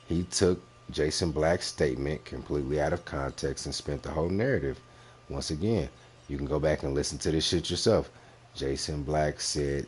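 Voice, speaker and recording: A man with an extremely deep voice delivers profane reaction commentary on a clip. He is blunt and mocking and hammers each point home by repeating it. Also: slightly rough. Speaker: commentary host reviewing clips.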